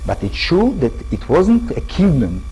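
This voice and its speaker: Israeli-accented male lecturer, husky, animated delivery, halting English with frequent restarts. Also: fairly high pitch, poor audio. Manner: halting, restarts words, checks in with the audience. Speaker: author giving a public talk. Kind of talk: lecture to an audience.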